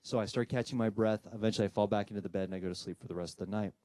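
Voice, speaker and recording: A man who works as a paranormal investigator, telling a personal ghost story with animated, dramatic delivery and acting out the voices of people in the story. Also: fairly low pitch, dry recording. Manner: dramatic pauses and tension building.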